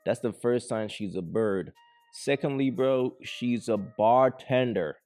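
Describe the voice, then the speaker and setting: A man's voice: mid-range voice, slow pace, darkish tone. A man giving blunt reaction commentary on a clip, lecturing his listeners as "bro" and "fellas" with faint music behind him.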